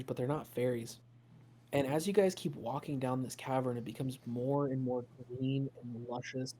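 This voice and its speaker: A man's voice: mid-range voice, mellow, husky. Laid-back man running a tabletop game. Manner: casual, rambling, many fillers and swearing. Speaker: game master.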